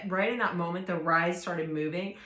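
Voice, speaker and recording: A woman's voice: lowish voice, moderate pace, sharp tone. Rambling woman in a roomy space. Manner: rambling, many fillers and restarts. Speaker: tarot reader. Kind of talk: casual spiritual chat. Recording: roomy echo.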